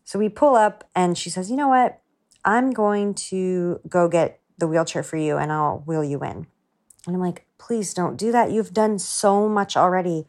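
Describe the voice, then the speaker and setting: A woman with a notably low voice recounts a personal story for a podcast. She speaks earnestly and from the heart, often slipping into her own inner thoughts. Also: measured pace, darkish tone. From United States. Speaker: guest storyteller.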